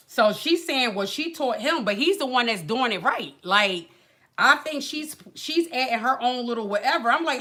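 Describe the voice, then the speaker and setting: Brief: woman livestream host, bright tone, chatty venting with lots of acted quotes. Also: on the high side, moderate pace. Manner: animated, colloquial storytelling with acted quotes and sighs. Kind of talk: casual chat, venting story.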